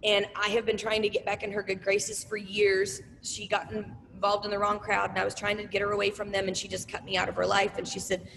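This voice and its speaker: A middle-aged woman who owns a small business, telling stories in a casual, animated interview and acting out the voices of people she quotes. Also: medium pitch, a little fast, vocal fry, few pauses, big-room sound, slight background noise. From Oklahoma. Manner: animated, acts out quoted voices, tearful at times.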